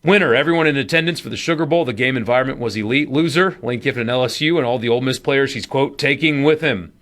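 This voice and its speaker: A man co-hosting a casual sports talk radio show, with a lively, animated delivery. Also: mid-range voice, quick pace. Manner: animated, lively inflection, runs winner and loser segment.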